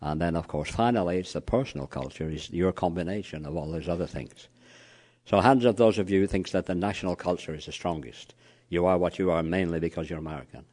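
Fast-talking and a little mellow, with a voice that sits low, a man gives a live talk on cross-cultural communication. Anecdotes, audience quizzing, and plenty of "you know" fillers run through it.

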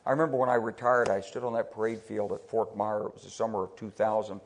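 An older American man, retired from the army as an officer, gives a public talk in a fairly low voice with vocal fry, moving at a quick pace. He's conversational and anecdotal, repeating words as he restarts and quoting people in lively put-on voices.

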